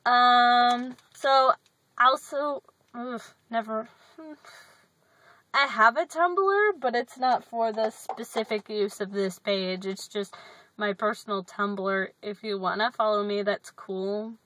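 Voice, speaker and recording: A woman's voice: a little high, slow, pushed and bright, no room sound, poor audio. A woman vlogging from her parked car into her phone, chatting in a rambling, sarcastic way. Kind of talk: casual chat.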